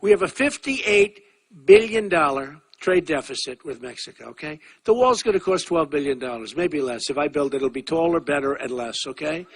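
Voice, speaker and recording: This rally speech comes from an American candidate in his sixties whose voice is on the high side, animated and slightly rough, at a moderate pace in a dry recording. He's boastful and repetitive, chatting with the crowd through asides.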